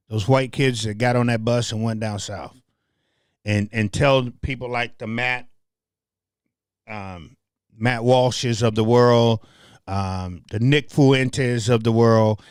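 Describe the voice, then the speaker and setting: A man's voice: medium pitch, clear, resonant tone, no room sound. Passionate Southern man with a dry sound. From Memphis, Tennessee. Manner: passionate, repeats words, speaks to the audience directly. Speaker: host. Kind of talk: livestream commentary.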